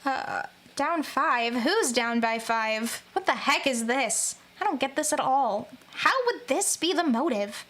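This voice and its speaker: A woman streamer giving lively, joking commentary while playing a video game and reading its text aloud. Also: high voice, a little slow. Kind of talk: let's-play commentary.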